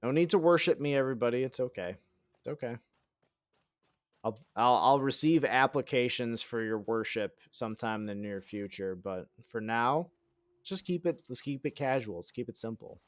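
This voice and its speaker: A man's voice: medium pitch, moderate pace, no echo, clean studio sound. A man chatting casually while streaming a game, sarcastic and mock-boastful, swearing and thinking aloud. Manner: sarcastic mock-bragging, self-deprecating. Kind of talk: casual live-stream chat while gaming.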